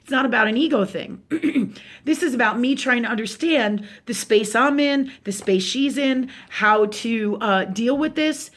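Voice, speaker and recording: A woman spiritual teacher speaks to her viewers on a live show. Her delivery is casual and animated, full of fillers and restarts. She drops in curse words without hesitation. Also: a little high, measured pace. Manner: animated storytelling, swears freely, many fillers and restarts.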